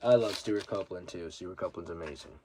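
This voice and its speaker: A young man with a low voice talks fast over a noisy background, chatting casually about his vinyl haul as a record collector vlogger. He tells rambling stories and swears freely while grieving a late friend.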